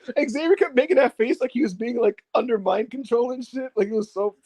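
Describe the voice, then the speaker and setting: A high-pitched man talks through a wrestling recap in loose, excited chat. He swears freely, laughs a lot and slips into playful impressions of the people he describes. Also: a little fast. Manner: animated, profane, laughs often, acts out quotes. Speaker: co-host of a wrestling review show. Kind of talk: casual show recap chat.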